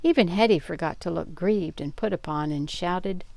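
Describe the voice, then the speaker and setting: An older woman, a grandmother, reading a children's chapter book aloud and giving the characters lively voices. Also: lowish voice, moderate pace, gravelly, no echo. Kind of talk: storybook read-aloud.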